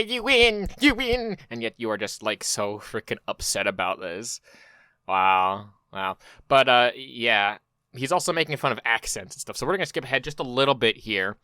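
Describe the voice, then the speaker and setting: Male commentator, loose sarcastic reaction talk; crisp, smooth tone. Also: lowish voice, pushed and bright, no room sound. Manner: loose, profane, sarcastic asides. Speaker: video commentator.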